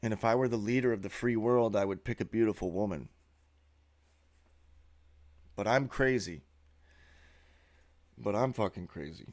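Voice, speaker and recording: A man's voice: on the low side, normal speed, pauses often, darkish tone. A man giving a sneering, profane monologue while narrating a slideshow as a video host.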